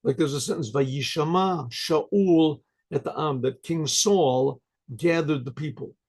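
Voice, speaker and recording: An older man, a rabbi, giving a Torah lecture, translating Hebrew phrases into English and pausing often to ask "right?". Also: a little high, darkish tone, husky.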